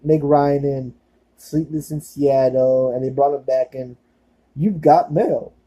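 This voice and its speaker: A man's voice: mid-range voice, level tone, measured pace, mellow, low-quality recording. A young man vlogging in a casual, rambling monologue, full of fillers and self-deprecating asides.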